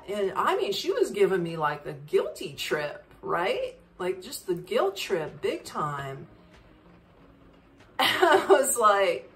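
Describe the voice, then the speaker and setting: A woman's voice: medium pitch, slow pace, distant mic, slight background noise. A woman hosting a podcast, telling a travel story in a chatty way and acting out the dialogue. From United States. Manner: animated, chatty, acts out dialogue. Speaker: podcast host.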